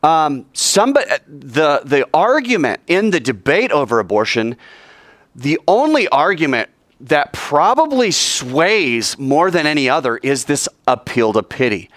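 A male teacher lecturing his class in a classroom, his pitch swinging widely as he jokes with students. The sound is close and dry, with no room echo. He acts out the arguments he quotes in a raised voice. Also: big pitch swings, fairly bright tone. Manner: joking, quick asides to students.

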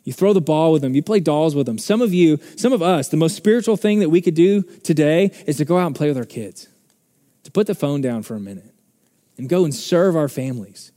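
Fervent preaching man, mellow voice. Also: a little high, animated, brisk, long reverb tail. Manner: impassioned, building to fervent peaks. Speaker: pastor. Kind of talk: sermon. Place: church sanctuary.

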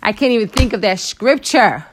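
Expressive woman giving animated faith talk. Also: medium pitch, moderate pace. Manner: expressive, emotional, animated preaching with frequent asides; conversational, addresses listeners as girl and honey. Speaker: host of a faith talk show. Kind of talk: casual motivational Christian talk.

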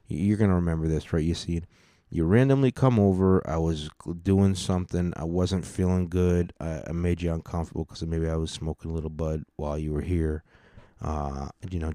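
A man's voice: low voice, warm tone, no echo, clean studio sound. A man hosting a podcast, telling rambling, profane, laid-back stories. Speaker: podcast host and stand-up comic. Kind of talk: casual podcast monologue.

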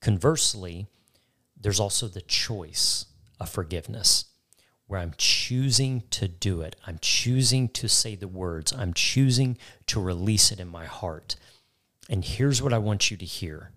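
A man's voice: on the low side, animated, measured pace, a bit bright. A man co-hosting a faith talk, telling a personal story earnestly and repeating key phrases for emphasis. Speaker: co-host.

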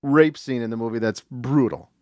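A man's voice: medium pitch, normal speed, background noise. A man in his thirties, a podcast co-host telling a story in casual chat, rambling, profane and self-mocking.

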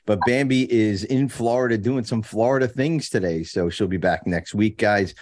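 A man hosting a recovery podcast in casual, joking chat, rambling with many fillers and restarts and clearing his throat. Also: lowish voice, normal speed, a little mellow. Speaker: podcast host.

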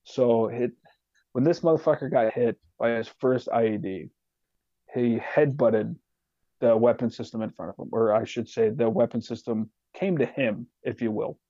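A man telling a profane, animated war story as a podcast guest. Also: mid-range voice, normal speed, dry recording, dull audio. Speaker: podcast guest, retired soldier. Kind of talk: casual storytelling.

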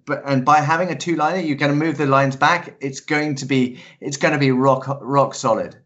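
A man being interviewed as a paraglider pilot, talking in an enthusiastic, animated way. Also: medium pitch, a little fast, muffled recording. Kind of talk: casual interview chat.

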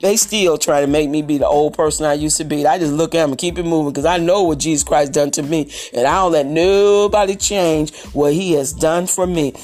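A woman's voice: low voice, fairly even intonation, brisk, hardly any pauses, a little mellow. A woman preaching a sermon, emphatic and rhythmic, repeating key phrases.

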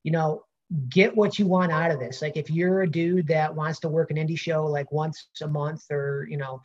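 A man's voice: on the high side, fairly even intonation, normal speed. Man, Brooklyn accent, pro wrestler, rambling, lots of fillers, dull lo-fi sound. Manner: rambling, many fillers and restarts. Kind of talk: casual interview answers.

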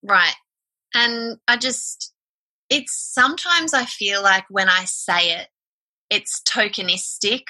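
A woman, co-hosting a podcast in casual, rambling chat full of halting restarts. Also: mid-range voice, bright, forceful tone, low-quality recording.

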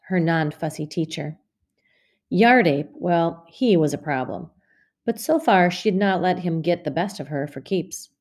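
A woman teacher reading a storybook aloud to a class of second graders, with clear, expressive pacing. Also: on the low side.

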